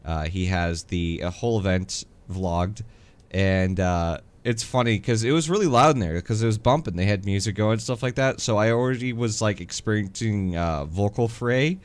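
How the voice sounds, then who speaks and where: A man's voice: on the low side, moderate pace, smooth. A man co-hosting a casual sports podcast, talking in an easygoing way with many uh and um fillers. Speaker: podcast co-host. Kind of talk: casual chat.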